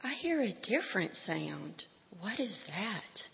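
A woman reading aloud and voicing a gentle, curious unborn baby girl who asks soft questions, in a dull, echoey hall recording. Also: medium pitch, big pitch swings, slow pace, gravelly, full character voice. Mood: wondering. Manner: soft, wondering, childlike questions.

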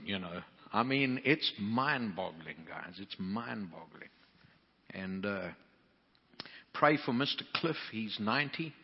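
A man preaching to a crowd of preachers, telling a folksy, animated story full of restarts. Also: on the low side, in a large hall, dull audio.

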